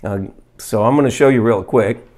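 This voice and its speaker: A man of middling pitch talks straight to camera in an earnest, plain-spoken way. He shows how to prepare a fermented food and stops often on "uh" and "um". When he reads a study aloud, his delivery turns halting. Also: darkish tone. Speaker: health vlogger. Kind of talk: casual demonstration to camera.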